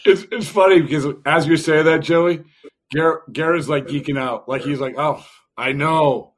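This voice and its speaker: A man's voice: on the high side, normal speed. A man hosting a podcast, asking rambling questions that he often restarts. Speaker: podcast host. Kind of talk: casual interview questions.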